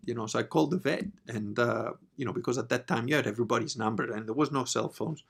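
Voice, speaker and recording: A man from Italy hosting a podcast, telling a personal story in a casual, profane, animated way that moves between quiet asides and loud bursts. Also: medium pitch, fairly quick, creaky, slightly rough. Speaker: podcast host.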